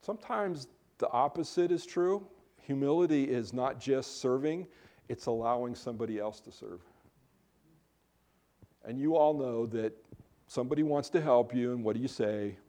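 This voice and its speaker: Man, pastor, casual sermon, warm relaxed tone, conversational, self-correcting. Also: mid-range voice, moderate pace. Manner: conversational, with self-interrupting restarts. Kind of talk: casual sermon, Bible teaching.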